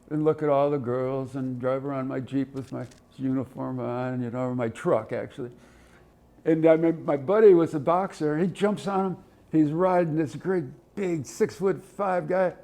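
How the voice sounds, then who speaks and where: A man in his seventies from Ohio, a military veteran telling stories in an oral history interview, acting out voices and sounds as he goes. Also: a little high. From Ohio, USA. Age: older, 70s. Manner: animated anecdotes, acts out voices and sounds.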